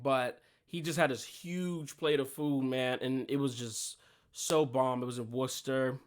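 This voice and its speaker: A young man talks loosely to his listeners as the host of his own show, rambling through stories with plenty of fillers. His voice is clean and smooth, set at an ordinary middle pitch. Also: fairly even intonation, a little slow. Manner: chatty, storytelling with laughs and fillers. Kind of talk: casual solo talk.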